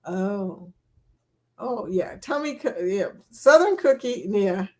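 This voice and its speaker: A woman's voice: mid-range voice, animated, slow, a little mellow. Chatty woman hosting a live chat. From England. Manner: chatty, laughs often, reads comments aloud. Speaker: livestream host.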